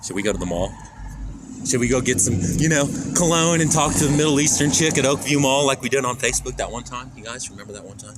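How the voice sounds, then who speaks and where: A man's voice: mid-range voice, expressive, fast. A man from Kansas live-streaming on a phone as he walks outdoors, rambling and swearing as he talks straight to his chat. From Kansas, USA. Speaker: IRL streamer. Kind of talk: casual live-stream chat while walking. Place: outdoors on city streets. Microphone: handheld phone. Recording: phone stream with loud street noise. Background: traffic and street noise.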